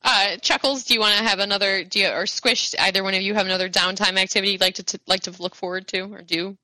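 A woman narrating as game master of a tabletop game, pausing often with fillers as she describes the action. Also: medium pitch, fairly even intonation, sharp tone, no room sound, poor audio. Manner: halting, many filler pauses.

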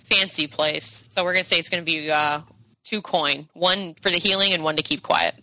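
A woman running a tabletop game as game master, explaining the rules and narrating haltingly with many fillers. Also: low voice, fairly even intonation, sharp tone, dry recording, low-quality recording.

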